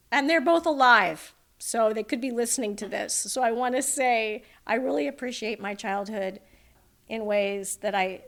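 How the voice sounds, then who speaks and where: A woman author being interviewed, telling childhood anecdotes in a lively, amused way. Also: fairly high pitch. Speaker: author guest. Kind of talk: interview storytelling.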